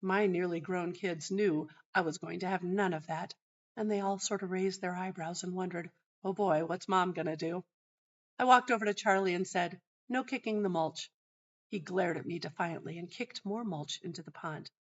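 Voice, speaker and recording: A middle-aged woman hosting a teaching show, telling a personal story in a calm, measured way. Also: fairly low pitch. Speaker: host and teacher. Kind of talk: narrating a personal teaching anecdote. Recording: dull lo-fi sound.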